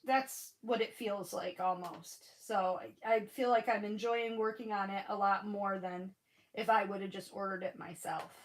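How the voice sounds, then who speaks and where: Sniffling from recent tears, a middle-aged woman gushes to viewers during a casual craft livestream, replying to commenters by name. She speaks in a steady, mid-range voice at a moderate pace over a rough recording.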